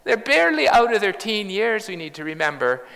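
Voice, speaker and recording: A man in his fifties preaching a sermon in a large church, measured and reflective with bursts of humour. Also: high voice, very animated, gravelly, pushed and bright. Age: 50s. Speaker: pastor. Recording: long church reverb.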